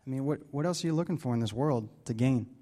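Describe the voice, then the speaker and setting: A man's voice: mid-range voice, fast talker, warm tone. A man leading a Bible study, preaching casually with many fillers and restarts. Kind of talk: casual sermon.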